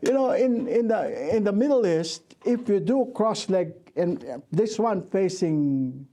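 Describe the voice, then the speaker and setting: A man's voice: sits high, lively intonation, slow, warm tone. A middle-aged man giving a conference workshop talk, joking at his own expense, restarting his sentences often. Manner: joking, self-deprecating storyteller with many restarts.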